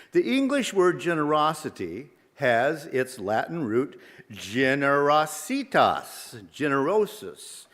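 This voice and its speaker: Slow, measured man preaching in a hall. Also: medium pitch, a bit bright. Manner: measured, reflective, asks rhetorical questions. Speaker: minister. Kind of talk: sermon. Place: church sanctuary. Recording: long reverb of a large hall.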